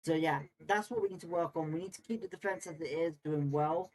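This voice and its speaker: A man's voice: a little high, fairly quick, darkish tone. Chatty opinionated man hosting a football watchalong. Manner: opinionated, talks straight to viewers. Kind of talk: casual live match watchalong chat, reading viewer comments.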